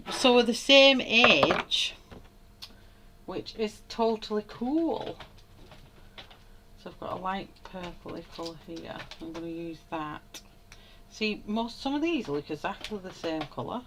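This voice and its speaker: A woman's voice: medium pitch, animated, takes it slowly, noisy background. A woman, chatting casually at home while she colours on a livestream, greeting viewers by name and laughing often. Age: 30s. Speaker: livestream host.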